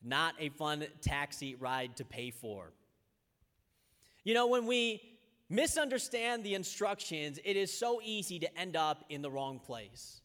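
A young man preaching a sermon as a pastor, telling stories with energy and slowing down to pray. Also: high voice. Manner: lively storytelling, slows down and softens in prayer. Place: church. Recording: long reverb of a large church hall.

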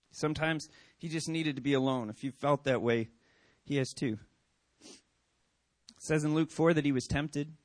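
A man's voice: on the high side, dry recording. A man in his thirties giving a conversational sermon, acting out people's thoughts with lots of "like" and "man". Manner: conversational, animated, acts out quoted thoughts. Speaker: pastor. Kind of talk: casual sermon.

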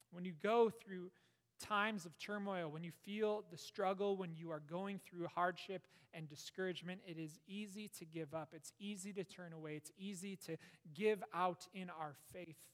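A man preaching a sermon, earnest, with rises and falls and hushed, prayerful passages. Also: sits high, measured pace. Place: church. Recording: long reverb of a hall.

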